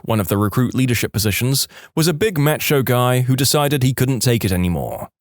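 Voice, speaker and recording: A man reading online stories aloud in an animated storytelling way, recorded close on a studio mic. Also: medium pitch, dry recording. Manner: animated storytelling, switching into voices. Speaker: narrator.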